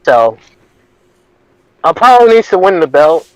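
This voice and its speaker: A man on a podcast panel, wry and joking, turning serious points into gags. His voice is somewhat high for a man. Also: very animated, a little slow, dull audio. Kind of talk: casual chat.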